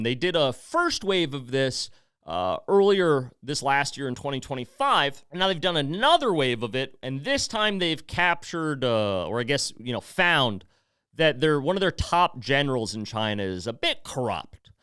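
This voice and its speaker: Lively-voiced American podcast host rambling. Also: male voice, medium pitch, normal speed, clean tone, no echo, studio quality. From United States. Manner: rambling and conversational, full of "like" and asides. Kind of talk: casual news commentary.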